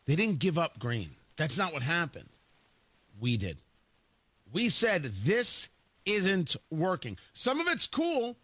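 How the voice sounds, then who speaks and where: A man hosting a morning talk radio show with a high, bright, lively voice that swings up and down. He is sarcastic and opinionated, slipping into mocking quotes. The studio sound is dry and close. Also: measured pace, pauses often, no room sound. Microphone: studio microphone.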